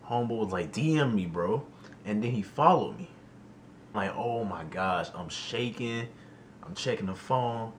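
A young man telling a storytime vlog in an animated, slangy way, often exclaiming in disbelief. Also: lowish voice, unhurried, a little hiss or hum. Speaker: YouTuber.

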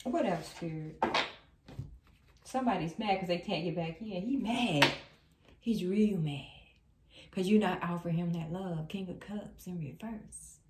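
A woman doing a casual tarot reading for viewers. She talks in a sassy, emphatic way, repeats her lines and breaks into laughter. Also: fairly low pitch. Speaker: tarot reader. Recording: roomy sound, distant from the mic.

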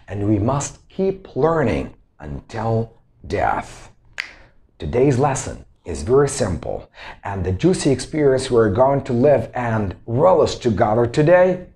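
A man teaching English in an online lesson. He talks in a motivational way and repeats words slowly so learners can drill them. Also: mid-range voice, dark tone. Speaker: English teacher and self-improvement coach.

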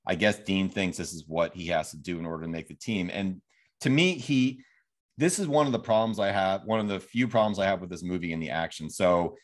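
Low-voiced man retelling a movie. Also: a little fast. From Phoenix, Arizona. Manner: rambling, retells scenes and mimics characters. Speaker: podcast host. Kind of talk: casual film review chat.

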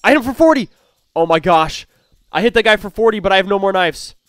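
A young man commentating his own gameplay for viewers. His voice sits a little high and leaps around constantly, dropping to quick mutters and then bursting into loud excited yells. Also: no echo. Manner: excitable, jumps between hushed muttering and loud outbursts. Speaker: gaming YouTuber.

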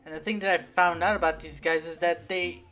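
A woman's voice: on the low side, steady tone, a little fast, fairly bright tone. A woman hosting a let's play, commenting on her game in a profane, exasperated and sarcastic way. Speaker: gaming video host. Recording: faint game music behind.

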